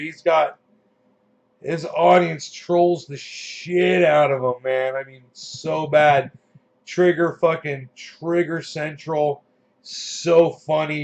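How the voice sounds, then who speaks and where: A man hosts his channel in a loose, rambling chat, peppering his talk with curses and "um"s. His voice sits a bit high, and the recording sounds muffled and lo-fi. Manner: loose, profane, full of fillers. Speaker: channel host. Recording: dull lo-fi sound.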